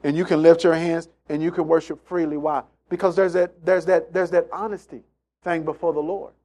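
A man's voice: a little high, little pitch movement, fairly quick, dark tone. A man preaching a sermon, emphatic and repetitive, acting out the voices of people in his stories. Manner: emphatic, repeats phrases, acts out quotes in story.

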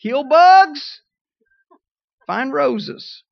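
A middle-aged man preaching a sermon, telling humorous stories with lively rising emphasis. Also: extremely high pitch, very slow, vocal fry, no echo, highs cut off.

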